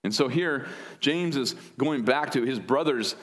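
A man's voice: medium pitch, measured pace, fairly bright tone. A man preaching an earnest expository sermon, explaining word meanings with wry asides. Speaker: pastor.

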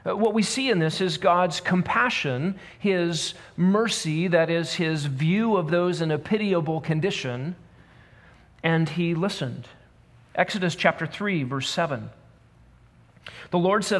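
A man preaching a sermon, reading scripture aloud and speaking in measured, emphatic repetitions. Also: a little high. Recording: long hall reverb.

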